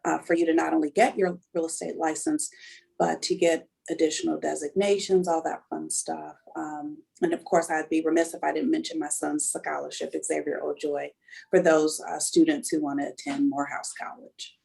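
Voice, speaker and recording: A woman's voice: deep voice, flat delivery, normal speed, gravelly, a little mellow, slightly rough, low-quality recording. A woman on a real estate panel who speaks frankly and persuasively. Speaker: realtor panelist. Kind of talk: panel discussion.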